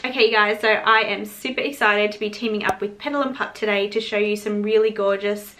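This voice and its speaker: A chatty woman vlogger talks to camera in a bubbly, easygoing way. Her voice sits at a middle pitch for a woman. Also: steady tone, brisk, sharp tone. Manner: bubbly, chatty, coos baby talk to her dog. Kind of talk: casual vlog chat.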